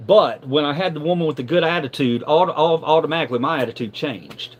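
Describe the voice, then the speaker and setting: On a live stream, a middle-aged man tells a story casually in a fairly high voice, talking fast. He is animated and profane, and he stumbles over repeated words when he gets riled up.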